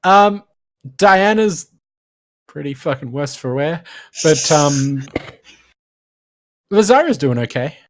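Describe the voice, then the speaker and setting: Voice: mid-range voice, expressive, takes it slowly, long pauses. Laid-back game master explaining a spell. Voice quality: casual, swears often, laughs a lot. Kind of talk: running a tabletop game over voice chat.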